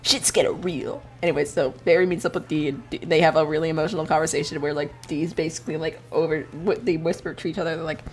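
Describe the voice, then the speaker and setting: A woman's voice: deep voice, little pitch movement, fast, few pauses, a little mellow. A woman streamer chatting casually and recapping a story while she draws, rambling, swearing freely and breaking into laughter. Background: faint background music.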